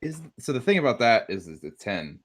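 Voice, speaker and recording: A man's voice: mid-range voice, sing-song, fairly quick, a bit bright. A man playing a tabletop game, brash and laid-back, swearing casually. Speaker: player.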